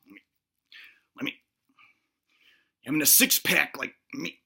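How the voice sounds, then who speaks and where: A man's voice: on the high side, lively intonation, unhurried, vocal fry, sharp tone, husky, heavily acted. A man playing a dim-witted, boastful cop who gives absurd fitness tips in a rambling, stammering comedic monologue. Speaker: comedy sketch performer.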